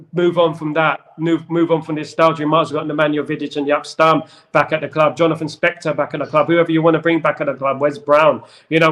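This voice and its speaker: A man hosting a casual football chat, rambling and jokey with playful wordplay. His voice sits a little higher than most men's. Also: fairly bright tone. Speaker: football channel host.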